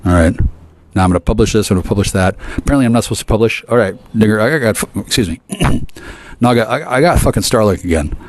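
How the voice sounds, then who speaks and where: Low-voiced man on a profane, stammering rant. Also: expressive, fast. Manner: profane, aggressive, stammering restarts. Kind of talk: rambling profane rant to camera.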